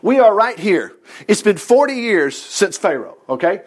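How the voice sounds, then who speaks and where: High, lively-voiced male preacher. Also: moderate pace. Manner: animated, acts out quoted voices. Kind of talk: conversational sermon. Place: indoor room with a congregation.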